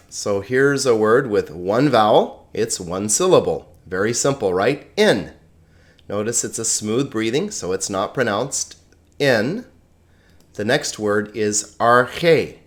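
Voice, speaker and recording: A man teaching a lesson, speaking slowly and carefully, sounding out words syllable by syllable and checking in with the class. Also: on the low side. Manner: slow, deliberate, repeats words syllable by syllable; checks in with "okay?" and "right?". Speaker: Greek teacher.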